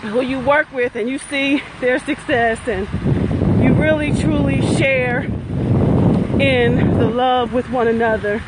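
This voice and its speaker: A woman hosting a live walking vlog, talking while she walks briskly through a lakeside garden, cheering herself and her viewers on. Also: high-pitched, fairly even intonation. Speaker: wellness facilitator hosting a walking livestream. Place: outdoors in a lakeside garden with traffic nearby. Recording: outdoor phone audio with traffic noise.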